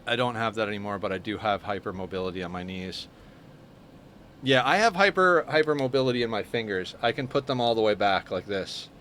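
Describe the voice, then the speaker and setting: A man's voice: fairly low pitch, brisk, a bit bright, a little hiss or hum. A man streaming a game live, chatting casually and answering his viewers as he plays. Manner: chatty, answers viewer chat while playing.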